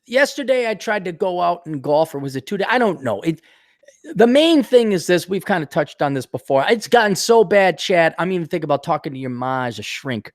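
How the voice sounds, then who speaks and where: A man hosting a casual podcast chat, ranting with lots of swearing and animated storytelling. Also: sits high, a little fast, no echo, clean studio sound. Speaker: podcast host.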